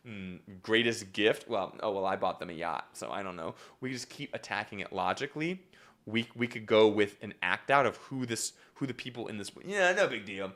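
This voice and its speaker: A young man coaching comedy writing on a live stream, talking casually with lots of fillers and restarts and jumping into acted-out bits. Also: fairly quick. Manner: animated, jumps into acted-out bits with big pitch swings; repetitive fillers (yep, okay), restarts.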